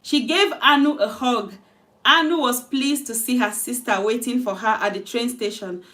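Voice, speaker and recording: Woman, fairly high voice, informal storyteller reading her own tale, chatty and unpolished, restarts lines. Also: moderate pace, bright, forceful tone. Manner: loose, conversational retelling with self-corrections.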